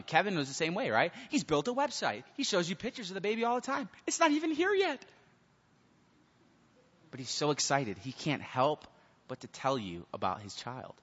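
A male youth pastor delivering a sermon with lively, swinging pitch, acting out the people in his story. His voice sits a little high for a man. It echoes with long reverb through a big hall and sounds a little dull. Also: a little fast. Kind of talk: sermon to teens.

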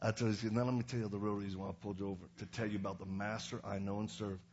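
An older man preaching, telling a story and acting out the other people's lines with sudden loud bursts. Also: on the low side, rapid-fire. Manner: animated, acts out quotes with sudden loud bursts. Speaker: evangelist preacher. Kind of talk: storytelling sermon. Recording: dull lo-fi sound.

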